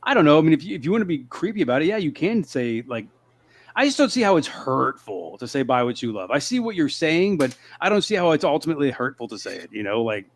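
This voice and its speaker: A man co-hosting a podcast in casual chat, rambling and halting with lots of filler words, self-deprecating and quick to laugh. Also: a little high, sing-song. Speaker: podcast co-host.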